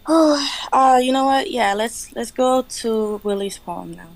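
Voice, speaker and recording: A woman performing spoken-word poetry over a video call, slow and deliberate, emotional and close to tears. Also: a little high, lively intonation, rough recording. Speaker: featured poet.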